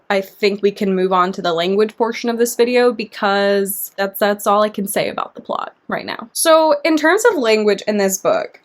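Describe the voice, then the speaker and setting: A woman's voice: mid-range voice, fairly bright tone. A young woman who is bilingual in Romanian gives a casual book review, talking in a chatty way full of "like" and restarts.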